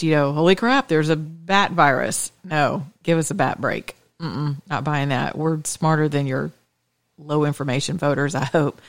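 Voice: mid-range voice, dry recording. A talk radio host delivering an emphatic, scornful opinion monologue on a close studio mic. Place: Atlanta area.

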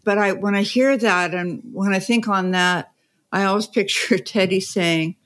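A woman's voice: medium pitch, fairly even intonation, a little slow, fairly bright tone. A woman guest on a conversational podcast, telling stories in a chatty way and laughing as she goes. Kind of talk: conversational storytelling.

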